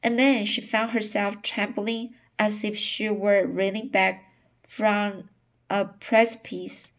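Woman, novel reading, slow pace, frequent stumbles and restarts. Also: medium pitch, level tone. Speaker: narrator.

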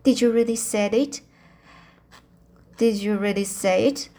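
An eager, imaginative orphan girl, read by a woman in an amateur audiobook. She pleads earnestly at a slow pace, only lightly set apart from the narrator's voice. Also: mid-range voice, mellow, natural voice. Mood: pleading.

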